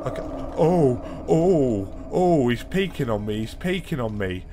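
A gaming video host plays a horror game, panicking, gasping and swearing heavily as jumpy shouts break through his commentary. His mid-range voice is sing-song and unhurried, with background noise and faint game music underneath.

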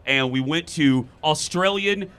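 A man hosting a talk show outdoors at a fair, telling stories in a lively, joking way. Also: on the high side, unhurried, smooth. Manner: lively, jokey storytelling. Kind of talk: casual chat.

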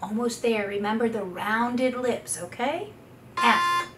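Slow-talking woman leading vocal exercises. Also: fairly high pitch, over music. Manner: slow, patient instruction with sung demonstration notes. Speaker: speech pathologist and voice teacher. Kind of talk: guided vocal exercise lesson. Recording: echoey room, voice a bit far from the mic.

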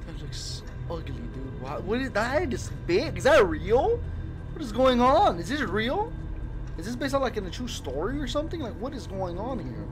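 A young adult streamer playing a horror game, jumpy and swearing, shouting in fright. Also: mid-range voice. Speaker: gaming streamer. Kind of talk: horror gameplay commentary. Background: game music.

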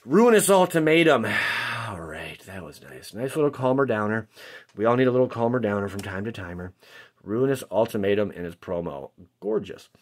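Casting: male vlogger, lively swooping pitch, playful, bursts into shouts at good pulls. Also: normal speed. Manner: excitable, jokey, shouts at big pulls. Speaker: card-opening channel host. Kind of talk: casual pack-opening commentary.

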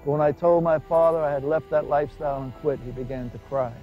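A man's voice: on the high side, steady tone, quick pace. A man who is a minister gives an earnest personal testimony, retelling his past with dramatic voiced dialogue. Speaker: former gangster turned minister giving testimony. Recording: dull lo-fi recording with faint music.

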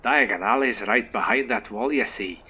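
A man voicing Hagrid, a big gentle male half-giant groundskeeper, with a gruff Scottish accent. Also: medium pitch, moderate pace, muffled recording, slight background noise. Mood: friendly.

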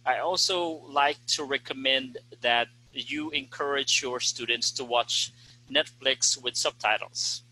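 Bright-voiced man explaining teaching tips. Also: medium pitch, a little slow, low-quality recording. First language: Tagalog. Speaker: host and ESL teacher. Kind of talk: casual panel discussion.

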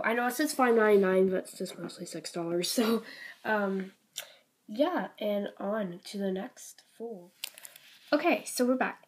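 Teen girl vlogger, slow rambling show-and-tell, filler-heavy and apologetic. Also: fairly high pitch, a little mellow, slight background noise. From Canada. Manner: rambling, many ums and likes, apologetic. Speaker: toy collection vlogger. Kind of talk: casual show-and-tell vlog.

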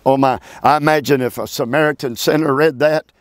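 A man teaching a Bible passage verse by verse, emphatic and preacherly, with halting restarts and calls for amen. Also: medium pitch, steady tone, dry recording.

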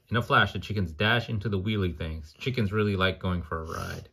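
A man's voice: deep voice, normal speed, a bit bright, husky. A man reading a picture book aloud to a child in a playful way, singing the rhymes and stopping to chat and ask questions. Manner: playful, sings the rhymes, chats and asks questions between pages.

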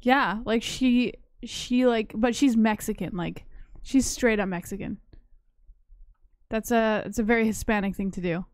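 Woman co-host, fairly high voice, bluntly opinionated, dry close recording. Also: darkish tone, no echo. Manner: blunt, quick to call things gross. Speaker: stream co-host. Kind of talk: casual chat.

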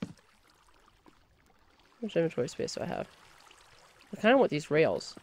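A woman's voice: low voice, very animated, normal speed, slight background noise. A woman giving chatty let's play commentary, talking to in-game items and shrieking when startled. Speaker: gamer.

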